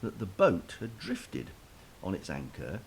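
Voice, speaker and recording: Lively low-voiced man telling a story. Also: a little slow, gravelly. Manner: animated, self-deprecating storyteller with many restarts. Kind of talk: casual storytelling chat. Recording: faint hiss.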